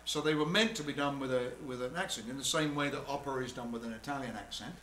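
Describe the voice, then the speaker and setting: A man's voice: mid-range voice, fast, fairly bright tone, reverberant, a little hiss or hum. A man from England with an English accent, chatting casually between songs and mimicking singers in bursts.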